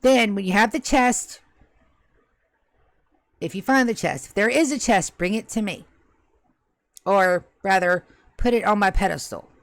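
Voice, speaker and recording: A flustered centuries-old ghost, put on by a woman running a tabletop game, who stammers, rambles and keeps correcting itself. The voice sits at an ordinary middle pitch and sounds close and dry, with no room around it. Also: a little slow, long pauses, no echo, lightly acted. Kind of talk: tabletop game role-play.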